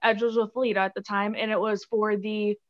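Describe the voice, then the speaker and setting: A woman's voice: medium pitch, little pitch movement, fairly quick, highs cut off. A woman from the Chicago area, chatting casually as a podcast guest, with lots of fillers and giggles. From Chicago area, USA. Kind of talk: casual interview chat.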